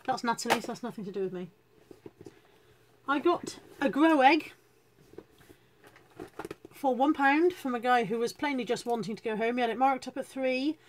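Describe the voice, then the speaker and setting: A woman's voice: a little high, moderate pace, pauses often, a little hiss or hum. A woman chatting casually to viewers on a live stream, self-deprecating and greeting people as she goes. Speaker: reseller hosting a live stream.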